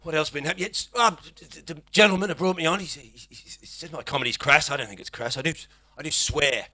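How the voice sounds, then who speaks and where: A man's voice: fairly high pitch, fast talker, sharp tone, a little hiss or hum. A middle-aged Australian man with an Australian accent, performing a rambling, swear-heavy stand-up comedy set.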